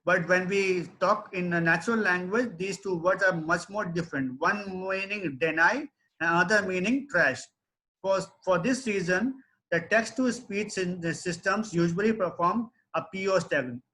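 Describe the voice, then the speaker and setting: Man, webinar lecturer, high voice, bright tone, explains step by step. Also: normal speed. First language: not English. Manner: explanatory, frequent tag questions. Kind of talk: online technical lecture.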